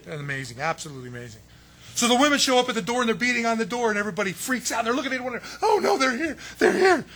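A man preaching a sermon, telling the story in a lively way and acting out the voices of the people in it. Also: very high-pitched, rapid-fire. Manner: animated storytelling, acts out voices of biblical figures. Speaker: pastor.

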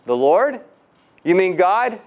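Preacher putting on a panicked cliff-hanging man, high-pitched, stammering, pleading. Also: sing-song, takes it slowly, highs cut off, heavily acted. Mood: frantic pleading.

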